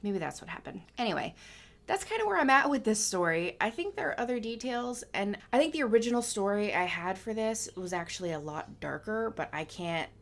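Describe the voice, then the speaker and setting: A woman's voice: medium pitch, animated, brisk. A woman casually making up a story as she talks, rambling and musing with lots of hedges. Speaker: painting vlogger.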